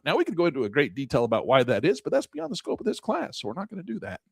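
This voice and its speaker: A man teaching day trading over a chart in a folksy, excitable way, with a dry close mic. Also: fairly high pitch, racing, gravelly, hardly any pauses, slightly rough, dry recording. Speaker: trading instructor. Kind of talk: screen-share trading lesson.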